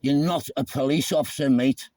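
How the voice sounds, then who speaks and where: A man filming himself in an argument with police, repeating "mate" and often shouting. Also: mid-range voice, normal speed, dry recording, poor audio. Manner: argumentative, repeats "mate" constantly, stumbles over words. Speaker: self-filming activist. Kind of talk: heated roadside argument. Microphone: handheld phone camera.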